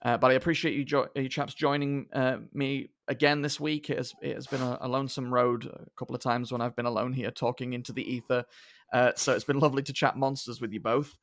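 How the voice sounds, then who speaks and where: A podcast host with a gravelly, creaky voice at an ordinary pitch. He talks courteously, with plenty of pauses and "uh"s. The sound is dry and close. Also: flat delivery, a bit bright, dry recording. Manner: polite, hesitant, many fillers. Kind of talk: casual podcast sign-off.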